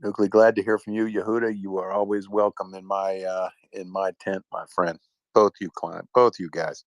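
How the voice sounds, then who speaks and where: A low-voiced man hosting a casual live chat. He speaks in a welcoming, unhurried way, recorded close and dry. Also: flat delivery, no room sound. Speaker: host.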